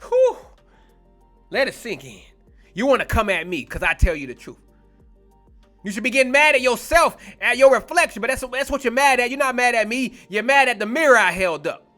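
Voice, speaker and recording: A man preaching a fiery online sermon, blunt, confrontational and profane, slowing down to stretch key words for emphasis. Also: extremely high pitch, lively intonation, pushed and bright, soft background music.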